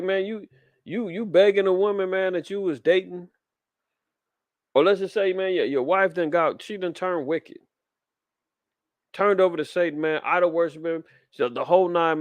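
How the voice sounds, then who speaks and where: Fiery preaching man, slightly high voice. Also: no echo. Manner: fiery, preachy, street slang, reads headlines aloud. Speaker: podcast host. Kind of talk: preaching commentary on news.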